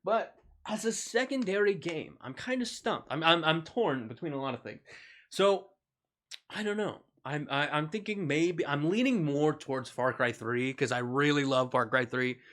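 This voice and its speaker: Bright-voiced rambling male streamer. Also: on the high side, expressive, normal speed. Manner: rambling, joking, full of tangents. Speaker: gaming streamer. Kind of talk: casual gaming stream commentary.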